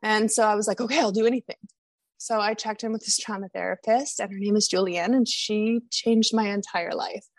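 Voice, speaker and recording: A woman's voice: mid-range voice, steady tone, a little fast, no echo. A woman guest on a podcast, telling her personal story in a candid, confessional way.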